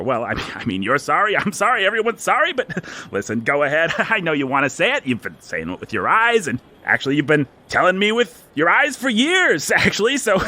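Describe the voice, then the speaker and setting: A man's voice: fairly high pitch, bright, forceful tone, heavily acted. A man playing a cheery, hapless father who jokes and laughs his way through trouble. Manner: jokey, folksy, laughing through it. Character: goofy, cheery, hapless dad.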